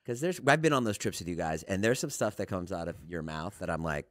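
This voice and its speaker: A middle-aged man co-hosting a podcast, telling a profane story in an animated way and acting out voices. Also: low-pitched, fast talker. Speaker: podcast co-host. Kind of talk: casual storytelling chat.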